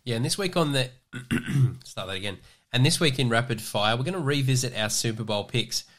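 A man's voice: medium pitch, lively intonation, a little fast, fairly bright tone. An Australian man hosting a casual sports podcast, loose and chatty, leaning on fillers while he steers the talk. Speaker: podcast host.

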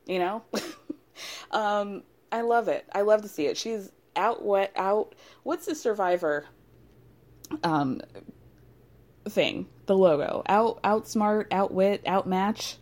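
A woman's voice: mid-range voice, slow pace, long pauses, darkish tone. A young woman casually recapping a reality TV episode with chatty, sarcastic asides.

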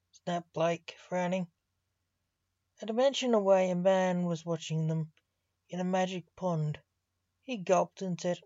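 Slow-reading woman narrator. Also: fairly low pitch, fairly even intonation, warm tone, no echo. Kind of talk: short story reading. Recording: dull, dry lo-fi audio.

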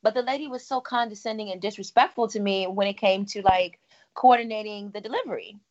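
A woman co-hosting a casual chat podcast, telling a story with lively asides and acting out the people she quotes. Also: medium pitch, a little fast, highs cut off. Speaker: podcast co-host.

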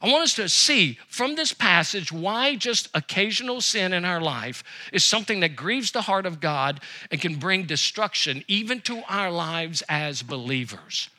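Animated, bright-voiced male preacher. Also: sits high, normal speed, few pauses. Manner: earnest preaching, voice rising and dropping for emphasis. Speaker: pastor. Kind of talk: sermon.

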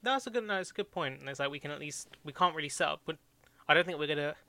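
A man's voice: on the high side, expressive, very fast, creaky, bright, forceful tone. A man chatting casually about film ideas, hesitant with many restarts, a bit phlegmy.

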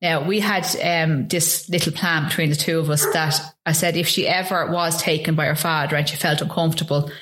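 A middle-aged woman with an Irish accent speaks in a low voice. She tells her story haltingly, with many ums and restarts, as a guest in an interview. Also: fairly even intonation, fairly bright tone. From Ireland. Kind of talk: emotional personal testimony.

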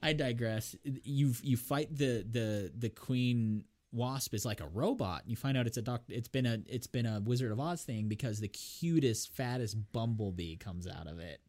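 A man co-hosting a casual podcast chat, eagerly retelling a video game and acting out its characters in quick voices. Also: medium pitch, animated, a little mellow. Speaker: podcast co-host.

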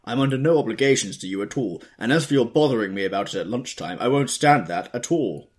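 Narrator as gruff, brash wealthy man, deep, animated. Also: brisk. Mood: blustering. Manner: blustering, gruff.

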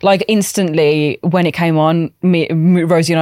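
Woman chatting bout games, lowish voice, dry close mic, corrects herself a lot. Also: steady tone, darkish tone, dry recording. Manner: chatty, explains quickly, self-correcting. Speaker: podcast co-host. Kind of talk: casual chat reacting to game trailers.

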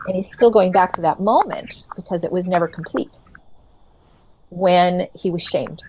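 A woman, a therapeutic practitioner, telling a client's story in an earnest, reflective way with many pauses. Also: fairly low pitch, a little mellow, slight background noise, low-quality recording. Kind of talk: storytelling in casual talk.

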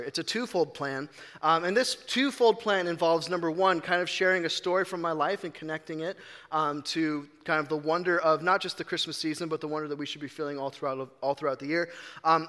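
A man with a high, bright voice delivers a relaxed sermon full of personal stories. He talks in a chatty, self-deprecating way, stumbling through ums and restarts. His voice carries a long reverb, as if recorded in a large church hall. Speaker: preacher. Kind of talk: casual storytelling sermon.

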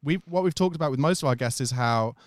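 A man's voice: mid-range voice, quick pace, no room sound, clean studio sound. A man hosting a casual podcast, teasing and playing devil's advocate. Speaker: podcast host.

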